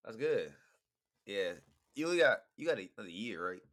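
A man's voice: lowish voice, big pitch swings, fairly quick, fairly bright tone. A tipsy young man chatting casually with laid-back slang, teasing and apologetic by turns. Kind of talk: casual chat.

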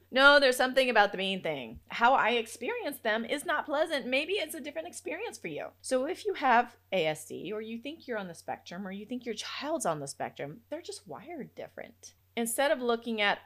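Woman in her 30s, from Africa, solo podcast host; animated pitch, chatty, laughs easily. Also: brisk. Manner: lively, chatty, laughs often, quotes herself. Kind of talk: casual solo podcast talk.

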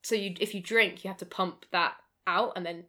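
A woman chatting casually about a film, joking and breaking into laughs and shouts. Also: mid-range voice, normal speed. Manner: lively, laughs and shouts when amused. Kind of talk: casual chat reviewing a film.

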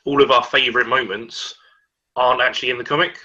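A man's voice: mid-range voice, fairly even intonation, quick pace, background noise. A man co-hosting a podcast, chatting casually about a film, often stumbling and restarting his sentences. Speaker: podcast co-host. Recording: dull lo-fi sound.

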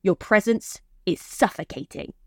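A woman's voice: medium pitch, lively intonation, unhurried, vocal fry, a bit bright, no echo, clean studio sound. A woman narrator voicing a cold, dismissive man who speaks in curt, clipped lines.

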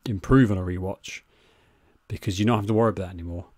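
A man's voice: sits low, quick pace, a little mellow, dry recording. A British man co-hosting a podcast, chatting casually about a film with dry, teasing humour. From Britain. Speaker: podcast co-host.

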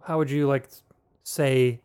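A man's voice: mid-range voice, steady tone, takes it slowly, darkish tone, clear, resonant tone. A man co-hosting a casual podcast, chatting about beer and music in a playful, joking way with lots of fillers and restarts. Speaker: podcast co-host.

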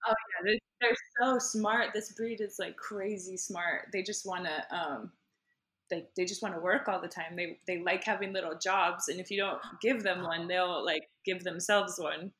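Woman, 30s, crisp bright tone, rambling, giggly, casual podcast guest. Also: on the low side, fairly even intonation, normal speed, slight background noise. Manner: rambling, giggly, many fillers. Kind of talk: casual chat.

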